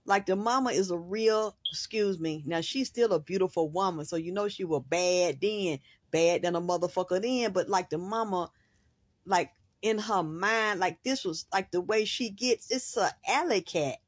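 A woman hosting a spiritual reading, rambling in an excitable monologue and swearing freely in long run-on sentences. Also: fairly low pitch, moderate pace, slightly rough, dry recording, studio quality. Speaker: host, spiritual reader.

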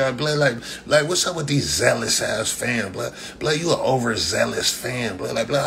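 A livestream host rants loosely at his commenters, trash-talking with lots of profanity and tacking "blood" onto almost every line. His mid-range voice is creaky, pushed and bright, with slight background noise.

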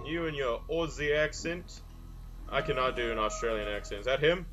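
A man's voice: medium pitch, expressive, normal speed, lo-fi sound, over music. A young man casually commenting on his gameplay in a goofy way, full of silly mild exclamations. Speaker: gameplay video host. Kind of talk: casual let's-play commentary.

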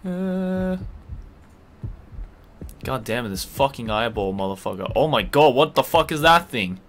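Man, young adult, live game commentary, crisp bright tone, cursing. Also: medium pitch, lively intonation, measured pace, a little hiss or hum. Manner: swears a lot, talks to himself, yells in frustration. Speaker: streamer playing a horror game.

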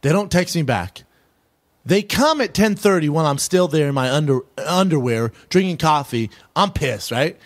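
Guy with a high lively voice riffing on a podcast, acts out everyone in his stories. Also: moderate pace. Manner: animated storytelling, acts out quoted people. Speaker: podcast co-host. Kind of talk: casual comedic chat.

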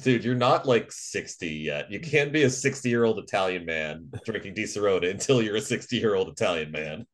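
A man's voice: lowish voice, expressive, normal speed, hardly any pauses. A man co-hosting a podcast in casual chat, laid-back with dry humor and frequent laughs. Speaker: podcast co-host.

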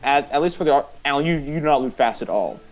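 Guy talking with his squad mid-game, kinda high voice, game music going. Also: animated, fast talker. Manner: mock Russian comrade voice, joking. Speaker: gaming friend. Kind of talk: casual gaming chat.

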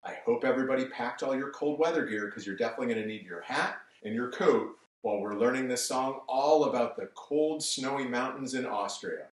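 A man teaching a music lesson to children on television, cheerful and brisk as he talks straight to the kids. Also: medium pitch. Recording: echoey room, mic at a distance.

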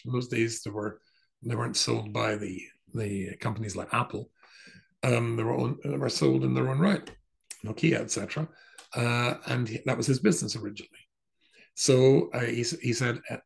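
A man's voice: on the low side, vocal fry, low-quality recording. A man, a rabbi, telling a long personal story in a rambling, anecdotal way with many asides. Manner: anecdotal, digressive, with asides and restarts. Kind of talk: storytelling talk.

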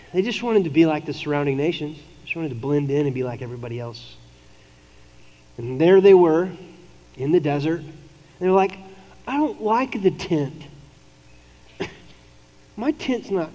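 A man preaches to his congregation in an easygoing, conversational tone, animating the characters he quotes with playful voices. His voice sits high and mellow. The audio is dull and lo-fi, with a long reverb trailing off the walls of a large church hall. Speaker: pastor. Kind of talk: sermon.

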